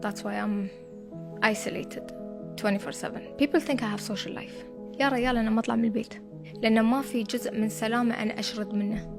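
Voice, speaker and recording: A woman's voice: fairly high pitch, steady tone, very fast, gravelly. A young woman, talking in a firm, self-assured and emphatic way about her own life. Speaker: interviewee in a played clip. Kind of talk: reflective personal talk, mixing Arabic and English. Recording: background music under the clip.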